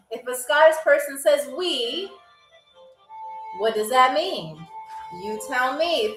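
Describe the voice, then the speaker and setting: Female live-stream game show host, high-pitched, unhurried, teasing, echoey room. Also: fairly bright tone. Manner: playful, teasing chat with viewers.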